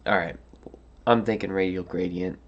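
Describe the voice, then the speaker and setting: Deep gravelly man coding aloud, slow. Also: fairly even intonation, lo-fi sound, background noise. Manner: musing, hesitant, many fillers and restarts. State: tired, yawning. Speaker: coding tutorial host. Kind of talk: thinking-aloud coding walkthrough.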